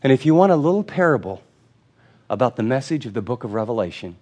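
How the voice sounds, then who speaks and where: A man's voice: medium pitch, big pitch swings, fast talker, mellow, lo-fi sound. A middle-aged male pastor preaching a sermon in a conversational, storytelling way, earnest and direct.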